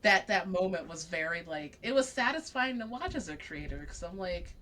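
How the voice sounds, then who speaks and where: A woman guest in a casual interview, telling a story in an animated way with lots of acted-out dialogue and frequent laughs. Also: lowish voice, moderate pace, slight background noise. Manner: laughs often while talking.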